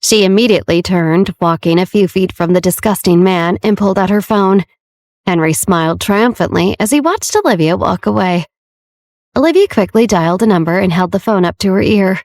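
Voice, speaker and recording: A woman reading a romance audiobook in steady, scripted narration. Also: fairly low pitch, brisk, no room sound, studio quality.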